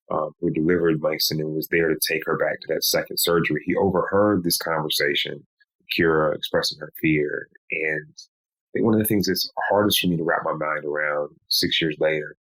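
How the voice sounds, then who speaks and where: Deep-voiced man telling a personal story. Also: a bit bright, low-quality recording. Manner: slow, measured telling with pleading quoted lines. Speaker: guest.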